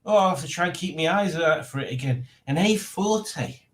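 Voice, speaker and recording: A man's voice: fairly high pitch, lively intonation, fairly quick, a bit bright. A man hosting a live stream, chatting casually, rambling and joking as he reads out viewer comments. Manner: rambling, jokey, reads chat aloud.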